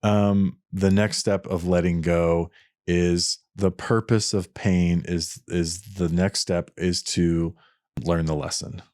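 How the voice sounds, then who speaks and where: A man with a very low voice speaks earnestly to his podcast listeners and explains his ideas step by step. He often restarts his sentences as he thinks aloud. The sound is dry and close, with almost no room echo. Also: level tone, slow pace, darkish tone. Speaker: podcast host. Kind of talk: reflective solo podcast talk.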